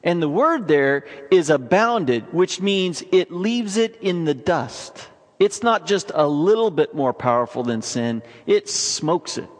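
A man preaching a sermon, emphatic and energetic, with sudden bursts of excitement. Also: on the high side, slow. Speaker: pastor. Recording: long reverb of a large hall.

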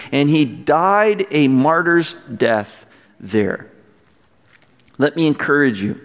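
A man preaching as pastor, passionate and at times near yelling, quoting scripture and urging his congregation. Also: on the high side, in a large hall. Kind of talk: sermon.

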